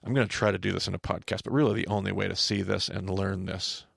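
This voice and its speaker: A man hosting a podcast, teaching on the Bible in an animated conversational way, often restarting and asking his co-host questions. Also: deep voice, fast talker, gravelly, slightly rough, no echo, clean studio sound.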